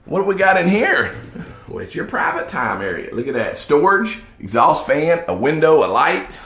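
A man giving an excited, salesy walkthrough tour of a house, exclaiming over its features as he moves from room to room. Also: a little high, moderate pace. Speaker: home salesman. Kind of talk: enthusiastic home walkthrough tour. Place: inside an empty house, room to room. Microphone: handheld 360 camera. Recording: echoey empty rooms, faint noise.

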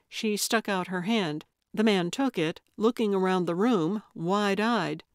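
A woman narrating a cozy mystery audiobook in a measured, wry way. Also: mid-range voice, dry recording, clean studio sound. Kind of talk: scripted narration.

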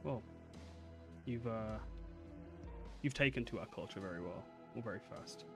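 A man voicing a calm, curious villager. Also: on the low side, normal speed, creaky, over music.

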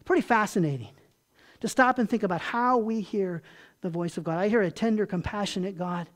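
A pastor preaching a sermon in a folksy, conversational way, asking the congregation questions and dropping soft and low on tender points. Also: fairly quick.

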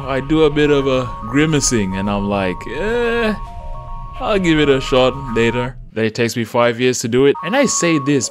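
Loud excitable young man gaming. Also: mid-range voice. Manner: loud excitable outbursts, swearing. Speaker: gaming YouTuber. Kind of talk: gameplay commentary and review.

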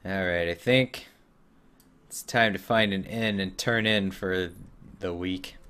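A man gives casual gameplay commentary while he streams, trading in dry sarcasm and joking asides. His voice sits a little lower than average for a man, and his delivery is loose and conversational. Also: slow, bright, forceful tone, clean tone. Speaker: gaming streamer.

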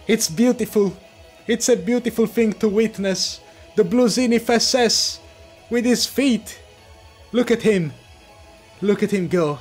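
High-voiced man hyping a live reaction. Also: measured pace, breathy edge, faint music behind. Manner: excitable, swings from hype shouts to low mutters. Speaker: streamer.

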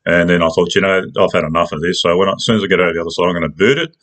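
This is a man with an Australian accent and a low, deep voice, telling a personal story. He talks in a casual, colloquial way, rambling and restarting his sentences as he goes. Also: racing, a bit bright.

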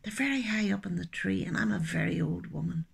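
A woman's voice: on the low side, fairly quick, vocal fry, slightly rough, heavily acted. A woman voicing a practical, thoughtful old woman who muses aloud in a children's folk tale. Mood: musing. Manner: musing aloud to herself. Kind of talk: children's storytelling.

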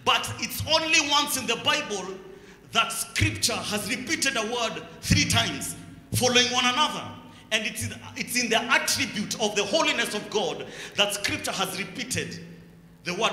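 A young man with a Kenyan accent preaching a sermon, mixing English with quick Swahili asides. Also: very high-pitched, animated, pushed and bright. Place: large church hall. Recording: echoey church hall.

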